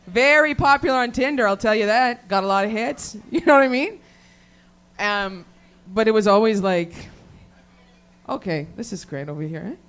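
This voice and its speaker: A woman's voice: mid-range voice, animated, normal speed, a bit bright. A woman works through a crude stand-up set, cursing nearly every line. She rambles off track and breaks into laughter at her own jokes. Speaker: stand-up comedian. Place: comedy show venue with live audience.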